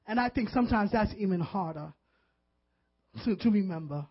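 A man, a pastor, preaching a sermon with earnest, animated delivery that builds into fervent emotion. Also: high-pitched, moderate pace, pauses often, breathy edge. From Puerto Rican background. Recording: dull lo-fi audio.

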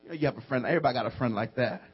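A man preaching a sermon, swinging between low quiet asides and shouted outbursts, and acting out friends' voices in dialogue. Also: racing, breathy edge. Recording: dull muffled recording with mains hum.

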